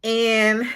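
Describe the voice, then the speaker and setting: A woman's voice: fairly high pitch, sharp tone, clean tone. A woman hosting a casual recap of a reality show, frank and chatty, often breaking into laughter.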